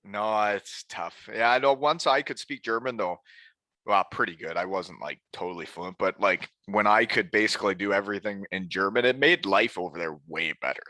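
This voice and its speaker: Bright-voiced man, easygoing podcast host. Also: lowish voice, moderate pace, no room sound. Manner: easygoing, chatty, jokes and puts on mock German phrases. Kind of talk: casual chat. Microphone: close podcast mic.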